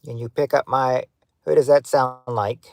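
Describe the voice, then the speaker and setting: Halting man hosting a game stream. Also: mid-range voice, fairly even intonation, gravelly, darkish tone, no echo. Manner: halting, hunts for words with many fillers; gives clues to players, talks to chat. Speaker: livestream game host. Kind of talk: casual livestream game hosting.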